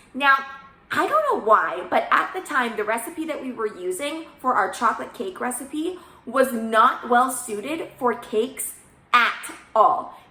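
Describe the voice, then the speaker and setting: A young woman casually telling a story from her bakery work, chatty and animated as she acts out what people said. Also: a little high. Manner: chatty, animated retelling with quoted dialogue. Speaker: baker, channel host. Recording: echoey room.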